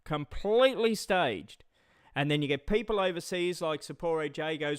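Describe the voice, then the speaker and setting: Man, heated swearing rant, slightly high and clear. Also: moderate pace, no room sound, clean studio sound. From Australia. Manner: heated, swearing, stammering repetitions. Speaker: live streamer. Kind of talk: angry livestream rant.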